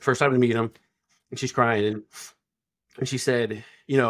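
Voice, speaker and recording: A middle-aged man chatting as a podcast guest, his voice sitting right in the middle of the usual male range. He tells long work anecdotes in a relaxed, animated way and slips into quoted dialogue as he goes. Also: mid-range voice, normal speed, pauses often. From Texas. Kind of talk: casual storytelling.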